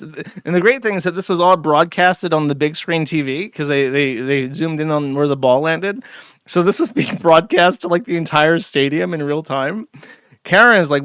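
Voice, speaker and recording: A man's voice: on the high side, normal speed, a bit bright, clean tone, no room sound, studio quality. A young man hosting a stream, giving crude, sarcastic, mocking commentary from his home setup. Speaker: streamer host. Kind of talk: casual commentary. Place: home studio.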